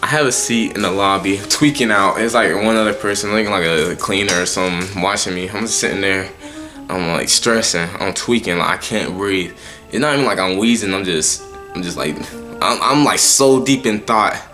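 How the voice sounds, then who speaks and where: A young man telling a storytime in a lowish voice with a bright, forceful edge. His delivery is animated and heavy on slang and swearing, and he often stumbles and restarts mid-sentence. Faint music plays behind him. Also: moderate pace. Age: young adult. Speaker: vlogger telling a personal story. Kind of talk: casual storytime monologue.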